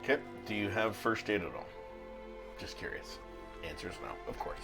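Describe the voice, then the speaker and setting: A man's voice: on the low side, normal speed, vocal fry, over music. A man narrating as game master in a tabletop role-playing session, laughing often and teasing his players.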